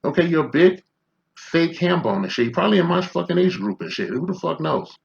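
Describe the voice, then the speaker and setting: A man's voice: fairly high pitch, big pitch swings, brisk, gravelly, lo-fi sound. A man in his fifties from Chicago, ranting in confrontational, profane commentary full of rhetorical questions. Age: 50s. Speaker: commentary vlogger.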